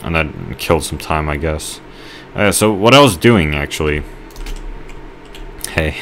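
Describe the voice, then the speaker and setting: A man giving rambling let's play commentary, telling a halting story with mock outrage while he plays. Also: very deep voice, animated, fairly bright tone, a little hiss or hum. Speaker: gamer.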